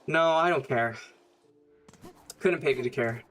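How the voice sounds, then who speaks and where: A man's voice: mid-range voice, measured pace, a bit bright, soft background music. A young man casually commenting while streaming a game, blunt and rambling, swearing often.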